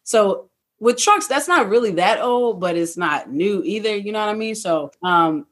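A guest in a casual interview, telling stories in an animated way, acting out past thoughts and leaning on fillers like "you know what I mean". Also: medium pitch, normal speed. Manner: animated, acts out own past thoughts in quotes. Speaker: guest, truck owner-operator.

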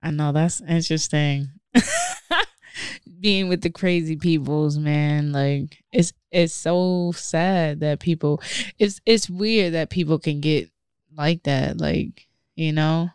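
A young woman hosts a casual podcast chat in a lowish, smooth voice. She tells stories with lots of slang and acts out what people said. The sound is dry and close. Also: takes it slowly, no echo. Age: young adult. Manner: animated storyteller, acts out quotes, profane slang. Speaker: podcast host.

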